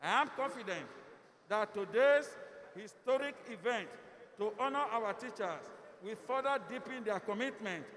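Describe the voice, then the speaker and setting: Official reading a formal speech. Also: male voice, high-pitched, animated, a bit bright. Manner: slow, measured reading. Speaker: government official giving a speech. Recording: long hall reverb.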